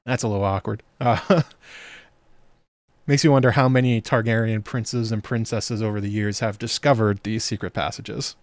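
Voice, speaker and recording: A man's voice: on the low side, steady tone, moderate pace, no echo. A man hosting a TV episode breakdown in casual commentary, chatty and sarcastic, laughing at the scenes. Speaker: host of a TV episode breakdown channel.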